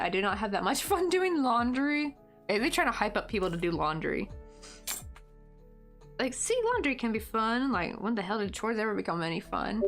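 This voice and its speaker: A woman in her late twenties chats casually on a crochet live stream from home, rambling and thinking aloud with lots of fillers and frequent little chuckles. Her voice is medium-pitched and fairly bright.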